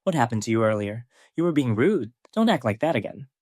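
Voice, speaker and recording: A short-tempered young male student, as a man voices him, snapping in an irritated way. His pitch bounces around. The sound is dry and close to the mic. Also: big pitch swings, fairly quick, darkish tone, no echo.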